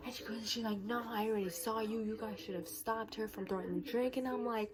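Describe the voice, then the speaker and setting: A woman's voice: on the high side, fast talker, hardly any pauses, low-quality recording. A teenage girl retelling a school confrontation as a vlog storytime, acting out the quoted lines. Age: teens. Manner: animated retelling, acts out quoted dialogue. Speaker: vlogger.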